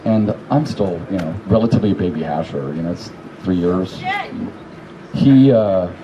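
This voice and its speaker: A man telling profane, animated stories as a eulogy, acting out what people said. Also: sits low, moderate pace, muffled recording, background noise. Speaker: speaker at a memorial gathering. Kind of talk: informal eulogy storytelling.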